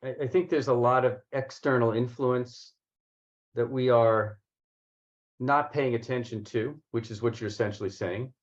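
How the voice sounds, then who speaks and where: A man's voice: medium pitch, steady tone, moderate pace, muffled recording. A man co-hosting a podcast, responding in a thoughtful, somewhat hesitant way. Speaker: podcast co-host. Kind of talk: political discussion.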